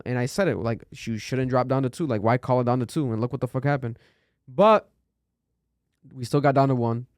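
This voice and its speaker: A podcast host talks in a loose, chatty way, cursing often and packing his speech with fillers. His mid-range voice is a little mellow, with a clean, echo-free, studio-quality sound.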